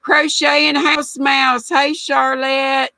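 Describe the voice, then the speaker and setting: A woman's voice: sits high, level tone, slow pace, bright, forceful tone, no room sound, poor audio. An older woman hosting a casual livestream, chatty and folksy, reading viewer comments aloud and laughing often. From United States. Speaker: livestream host.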